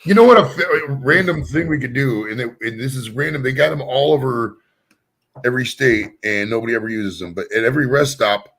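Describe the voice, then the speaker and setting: Here the US-born streamer who paints has a gravelly, fairly bright voice at medium pitch, moving a little fast. Telling stories in a casual chat, he rambles, swears a lot, and hammers his points home.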